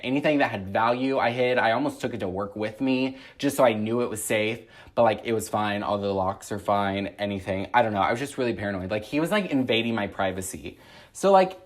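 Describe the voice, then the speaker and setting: A young man vlogging a storytime from his apartment, rambling anxiously with lots of "like"s. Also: medium pitch. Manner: anxious, rambling retelling with many "like"s. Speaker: YouTuber. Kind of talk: casual storytime.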